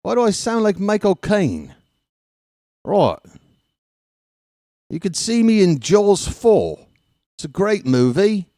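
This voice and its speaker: A man's voice: sits high, sing-song, slow pace, pauses often, dark tone, no room sound, clean studio sound, voice pushed up, heavily acted. A man putting on a British accent, playing a blustering British movie actor who swears and jokes. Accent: put-on British. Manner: jokey, blustering, tosses in 'bloody hell'. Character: boastful British actor, mock-tough, swearing.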